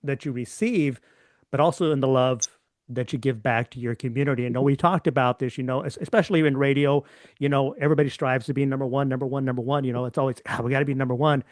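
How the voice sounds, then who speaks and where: A man's voice: medium pitch, fairly even intonation, fast, a little mellow, dry recording, studio quality. A man hosting an interview, speaking reflectively and often repeating words as he frames his thoughts. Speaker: podcast host. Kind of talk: interview conversation.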